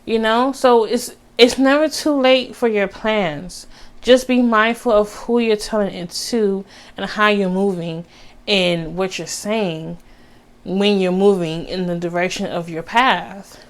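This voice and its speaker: A woman's voice: mid-range voice, slow pace. A young adult woman talking earnestly to her viewers in a personal vlog, encouraging them and calling them baby. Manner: casual with Southern US slang like y'all. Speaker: vlogger. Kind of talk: heartfelt personal vlog talk.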